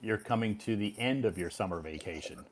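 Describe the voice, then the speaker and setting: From his home in Beijing, an American man hosts a casual live stream, rambling along with plenty of fillers. His voice sits fairly low and moves a little fast, with a crowd audible behind him.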